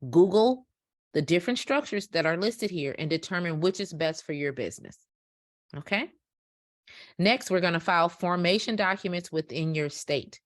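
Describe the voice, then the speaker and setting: Low-voiced woman teaching, emphatic. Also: no echo, clean studio sound. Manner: emphatic, repeats key points with check-ins. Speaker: dispatching business instructor. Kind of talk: instructional walkthrough. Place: home office.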